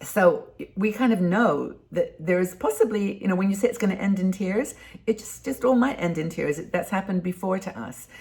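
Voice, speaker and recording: Gravelly-voiced woman in her sixties. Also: mid-range voice, moderate pace. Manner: warm conversational, rambling with many ums and restarts. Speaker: host of a community for older women. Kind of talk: casual talking-to-camera advice.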